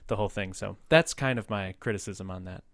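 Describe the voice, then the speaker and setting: A man's voice: on the low side, a little fast, fairly bright tone, no echo, studio quality. A young man, a podcast co-host, chatting casually and rambling playfully, often trailing off mid-thought. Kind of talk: casual chat.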